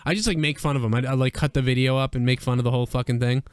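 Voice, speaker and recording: Young man, crude casual chat, rambling, shouty impressions, dead-dry mic. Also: mid-range voice, steady tone, rapid-fire, clear, resonant tone, no room sound. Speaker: podcast co-host.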